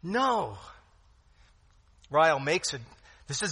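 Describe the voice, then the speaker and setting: A pastor preaching a sermon with emphatic delivery, swinging from loud to quiet. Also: male voice, on the high side, measured pace, breathy edge. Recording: long hall reverb.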